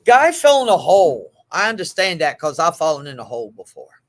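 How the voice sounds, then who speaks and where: A man with a high voice leads a recovery group. He talks in a lively, heartfelt way and drifts into animated storytelling, with the odd swear word along the way. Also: fairly quick. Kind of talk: support group sharing.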